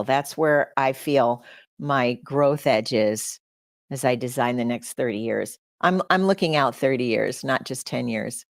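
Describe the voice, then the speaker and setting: Her voice deep and her words earnest, a middle-aged woman hosting a livestream speaks personally to her audience as a podcast host, choking up with emotion. Clean studio sound, no echo.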